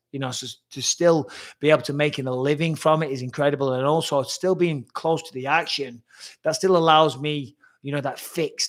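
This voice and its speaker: A man in his forties, a former fighter turned commentator, hosting a casual live Q&A, answering viewer questions bluntly, quickly and with frequent swearing. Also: on the high side.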